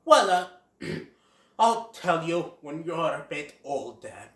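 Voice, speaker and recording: Grumpy old owl guy, someone putting it on, gruff and slow, echoey. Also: medium pitch, big pitch swings, fairly bright tone, far from the mic. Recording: roomy echo.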